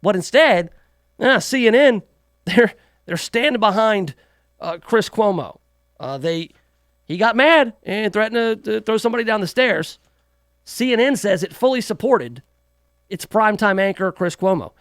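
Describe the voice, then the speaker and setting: A man's voice: high-pitched, lively intonation, moderate pace, a bit bright, no room sound, clean studio sound. A man hosting a talk radio show, giving sarcastic, mocking political commentary.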